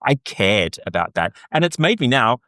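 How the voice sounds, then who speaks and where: A man's voice: normal speed, dry recording, clean studio sound. An Australian man co-hosting a podcast, chatting enthusiastically about a singing competition, his voice leaping up on questions. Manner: enthusiastic, animated, jumps to high pitch on questions. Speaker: podcast co-host. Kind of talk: casual chat reviewing a singing competition.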